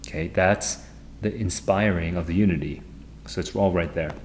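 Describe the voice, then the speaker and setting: A man streaming live as an SAT tutor, thinking aloud in an excitable, rambling way as he walks through test questions at his computer. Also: low-pitched, normal speed, slight background noise.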